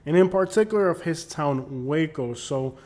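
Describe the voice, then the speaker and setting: Man, host, sarcastic, mocking, comedic narration, slightly high voice. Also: lively intonation, normal speed, darkish tone.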